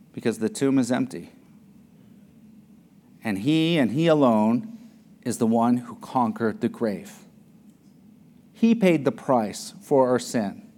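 Emphatic preaching man, fairly high voice. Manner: emphatic, rising to loud declarations then dropping low. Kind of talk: sermon.

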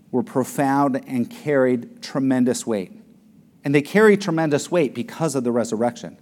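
A man preaching with a voice pitched a little above most men. He delivers his sermon emphatically, swelling to loud, ringing declarations and then dropping low and quiet.

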